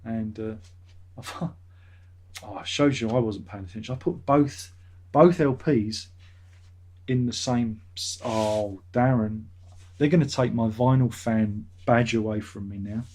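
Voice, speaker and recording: Husky man, rambling vlog chatter, loose and profane. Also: lowish voice, measured pace, a little mellow. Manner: chatty, meandering, swears casually. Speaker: vlogger, channel host. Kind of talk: rambling casual chat.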